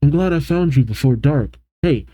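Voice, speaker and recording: A man's voice: fairly high pitch, animated, normal speed, mellow, dry recording. A man voicing an earnest young female trainer in a lifted, eager tone.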